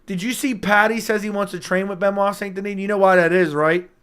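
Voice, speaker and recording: A hoarse man hosting a livestream in casual commentary, answering chat with blunt, profane banter. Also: high-pitched, steady tone, a little fast, a bit bright, dry recording. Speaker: livestream host.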